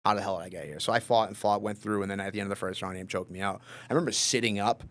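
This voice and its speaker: A man, a professional fighter, telling stories in a loose, casual podcast interview, swearing freely and filling pauses with fillers. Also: lowish voice. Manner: relaxed, loose and profane, lots of fillers.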